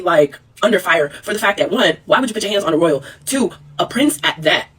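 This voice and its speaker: Young woman vlogger, fast and slangy drama recap, husky, a touch off-mic. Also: mid-range voice. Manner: animated, chatty, slangy storytelling. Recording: voice a bit far from mic.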